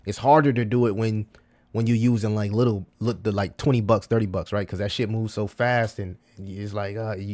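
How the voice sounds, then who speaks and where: A man's voice: on the low side, darkish tone. A man talking casually to his livestream chat, full of slang, repeating himself and calling listeners bro. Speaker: crypto livestreamer.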